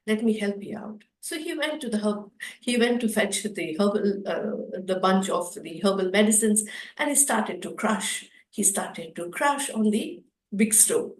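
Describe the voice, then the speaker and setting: A woman storyteller telling a children's story at a festival session, expressive and repetitive, with some fillers. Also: mid-range voice, measured pace, echoey room, rough recording.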